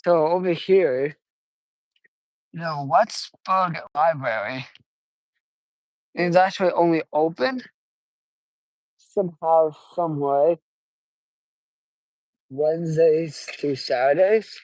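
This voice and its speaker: An eighteen-year-old man vlogging on a casual walk outdoors, talking quietly and rambling with halting restarts, recorded on wireless earbuds. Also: a little high, no room sound, rough recording. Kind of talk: casual walking vlog.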